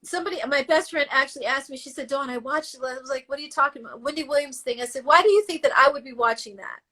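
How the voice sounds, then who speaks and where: A woman with a high voice talks at a racing clip as a guest singer in an interview. She tells her story bluntly and with feeling, animated and emotional, and curses now and then.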